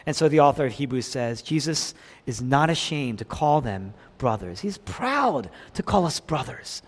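A man preaching a sermon in a dramatic way, swinging between loud emphasis and hushed, near-whispered lines. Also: mid-range voice, big pitch swings, normal speed. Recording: long hall reverb.

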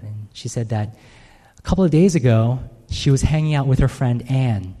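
A man delivers a sermon in a relaxed, conversational way, often checking in with the congregation. His voice is mellow and a little husky. A long reverb trails behind him, as in a large church sanctuary. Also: medium pitch, moderate pace. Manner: conversational, frequent "right?" checks with listeners. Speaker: pastor.

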